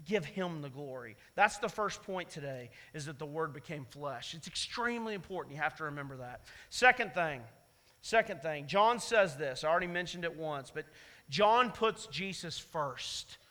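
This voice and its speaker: A man's voice: fairly high pitch, lively intonation, moderate pace, pushed and bright, long reverb tail. A man preaching a sermon as pastor, talking in an emphatic, conversational way and repeating his key phrases for weight. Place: church sanctuary.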